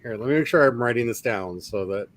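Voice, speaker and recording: A man's voice: mid-range voice, fast, slight background noise. Chatty man hosting a writing stream. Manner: rambling, chuckling, reads chat comments aloud. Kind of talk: casual live-stream chat.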